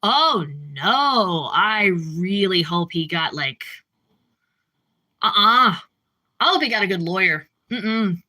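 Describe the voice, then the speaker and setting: A woman streamer chatting casually with her live chat, rambling and jumping up in pitch when she gets worked up. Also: lively intonation, takes it slowly, sharp tone. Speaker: livestreamer.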